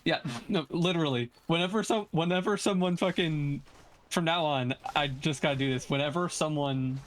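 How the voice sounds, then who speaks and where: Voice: mid-range voice, moderate pace, a little hiss or hum. A co-streamer in casual chat during a game stream, teasing a friend and laughing often.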